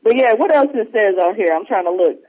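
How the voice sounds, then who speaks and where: A man's voice: sits high, expressive, brisk, breathy edge. A man co-hosting a podcast in casual, rambling chat, retelling movie scenes between laughs. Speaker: podcast co-host. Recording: muffled lo-fi recording.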